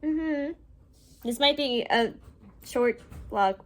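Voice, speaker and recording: A woman's voice: sits high, drawn-out words. A young woman vlogging in a chatty, playful way. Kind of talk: casual vlog chat.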